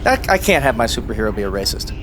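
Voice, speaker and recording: A man's voice: mid-range voice, big pitch swings, racing, fairly bright tone, slight background noise. A man co-hosting a casual gameplay commentary, giggly and goofy, repeating silly bits. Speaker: co-host.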